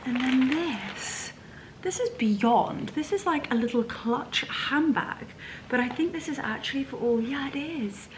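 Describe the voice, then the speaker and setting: A woman of thirty chatting in a casual vlog, gushing and often dropping to a breathy whisper. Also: medium pitch, slight background noise, low-quality recording. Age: 30s. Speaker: lifestyle vlogger.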